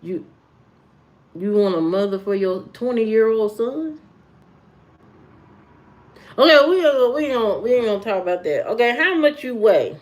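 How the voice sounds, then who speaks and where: A woman's voice: a little high, sing-song, moderate pace, pauses often. Chatty woman hosting a live stream. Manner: chatty, teasing, full of fillers and repeats. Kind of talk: casual live stream chat.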